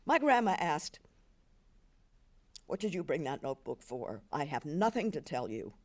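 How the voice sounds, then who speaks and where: An earnest teenage schoolgirl, nervous and stammering as she pleads, put on by a woman reading aloud. Her voice rises higher and more animated than an adult's. It jumps around as she talks herself in circles. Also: moderate pace. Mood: pleading.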